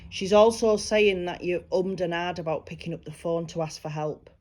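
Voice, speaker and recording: A woman's voice: lowish voice, moderate pace. Reassuring woman giving a psychic reading. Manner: gentle, reassuring, relays spirit messages. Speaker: psychic medium.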